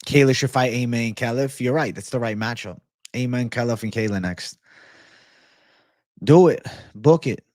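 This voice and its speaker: A man's voice: mid-range voice, normal speed, long pauses, darkish tone, no echo, clean studio sound. A young man hosting a casual livestream, joking loosely, swearing a lot and talking to his chat. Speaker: livestream host reading chat.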